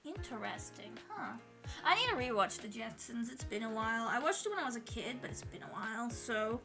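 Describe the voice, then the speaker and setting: A young woman streamer chatting casually with her viewers while drawing, excitable and chatty, swearing freely. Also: on the high side, a little fast, creaky, music in the background.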